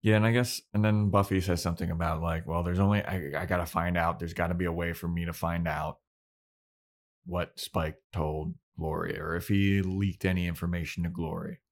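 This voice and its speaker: Brief: deep-voiced male podcast co-host, loose and profane, breaks into quick impressions while recapping. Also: flat delivery. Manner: swearing, acts out characters' lines in loose voices. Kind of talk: casual recap chat.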